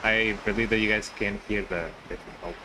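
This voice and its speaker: A man's voice: on the low side, steady tone, moderate pace, noisy background. A young man streaming a game, chatting in a playful, rambling way and tagging lines with "eh?". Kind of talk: casual gameplay commentary.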